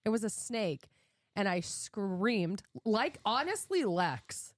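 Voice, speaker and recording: A lively woman in her thirties telling a story on a podcast. She laughs often and plays out her own lines with big swoops in pitch. The sound is dry and close, with no room echo. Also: takes it slowly. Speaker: podcast co-host. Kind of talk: casual storytelling chat.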